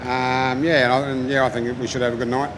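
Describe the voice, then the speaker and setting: A man's voice: mid-range voice, little pitch movement, fairly quick, background noise. Laid-back Australian race driver man. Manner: laid-back, hesitant with fillers. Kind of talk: casual trackside interview.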